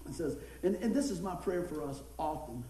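A middle-aged man delivers a folksy, storytelling sermon in a high voice. He is recorded from some distance in an echoey church room, with faint ambient noise behind him. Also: fairly quick. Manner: folksy storytelling, laughing, animated. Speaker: pastor.

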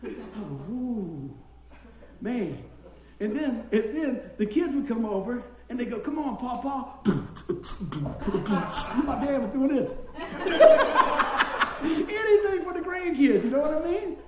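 A man's voice: very high voice, slow pace, a crowd in the background. A middle-aged man preaching a sermon, telling folksy stories and laughing along the way. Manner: folksy storytelling, laughing, animated. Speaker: pastor. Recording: echoey room, mic at a distance.

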